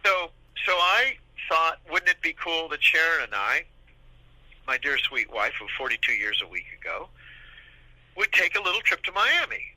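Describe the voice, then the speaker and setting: A podcast guest in his sixties rambles through casual anecdotes, lively and performing the quoted lines of the people he mentions. He speaks at a moderate pace in a fairly high voice, captured on a low-quality recording without room sound.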